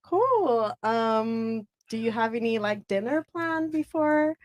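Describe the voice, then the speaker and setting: A woman's voice: fairly high pitch, expressive, takes it slowly. A woman on a podcast, giggly and hesitant in a playful role-play.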